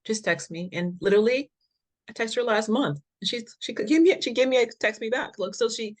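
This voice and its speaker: A woman's voice: on the high side, fairly quick. Emphatic woman telling her story. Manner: earnest, emphatic, laughs between points. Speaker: health foundation founder as guest. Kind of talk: personal storytelling in an interview.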